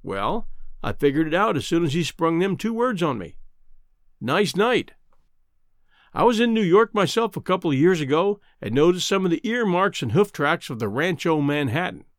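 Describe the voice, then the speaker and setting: A man's voice: a little high, very animated, brisk, no room sound, clean studio sound. A man voicing a folksy, talkative cowboy guide who speaks in drawling frontier slang. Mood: wry.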